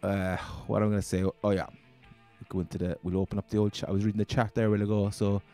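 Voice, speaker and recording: A Cork man with a low-set, mellow voice talks through his game in an easygoing, rambling way. His chatter drifts from one thought to the next, and faint guitar music plays behind him. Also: level tone, quick pace. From Ireland. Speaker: gaming channel host. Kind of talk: casual gaming commentary.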